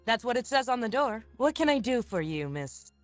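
An actress playing a tough, wry young female private detective in a noir adventure game, speaking in a flat, hard-boiled way. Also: a little high, moderate pace, no room sound, soft background music.

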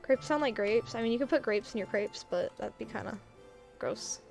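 A young woman streams a game and talks casually to her chat, giggly and quick to get excited. Her voice sits high. Keyboard typing is heard behind her. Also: vocal fry, soft background music.

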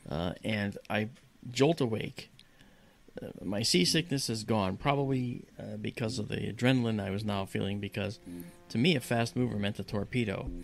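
A man telling a story on a podcast in a lively, casual way and acting out the dialogue. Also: lowish voice, normal speed, gravelly, faint music behind. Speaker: podcast guest. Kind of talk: casual spoken anecdote.

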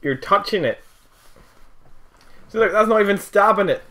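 Brief: young man, slightly higher voice, dry teasing banter. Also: lively intonation, moderate pace, bright, forceful tone. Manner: teasing, sarcastic. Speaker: co-host gamer. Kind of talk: casual let's play banter.

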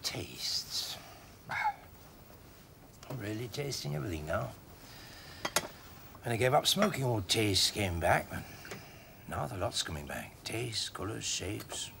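An actor playing an ailing husband who lingers reflectively over small pleasures in a 1970s television drama. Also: male voice, on the low side, sing-song, slow pace, vocal fry, pauses often, background noise, full character voice. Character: ailing husband savouring simple tastes.

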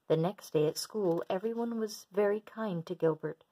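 A woman gently reading a children's storybook aloud in a steady storyteller voice. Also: medium pitch, normal speed, slightly rough.

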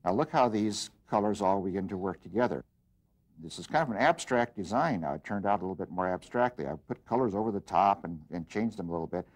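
A man teaching an art lesson, explaining design principles in an unhurried way as he works, with frequent pauses and restarts. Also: fairly low pitch, animated. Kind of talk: demonstration lesson.

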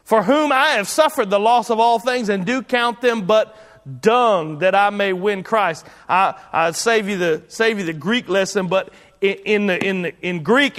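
Pastor, high voice, folksy sermon delivery, echoing church hall. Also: male voice, fairly bright tone. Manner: folksy, conversational preaching with repetitions and restarts.

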